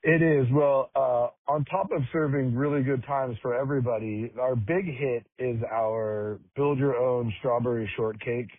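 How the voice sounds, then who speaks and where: Friendly man guest, husky voice, hesitant, thin dry radio line. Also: medium pitch, steady tone, a little slow, few pauses, no echo. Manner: friendly, hesitant with many uhs. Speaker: festival chair, guest. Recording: dry phone-like radio sound.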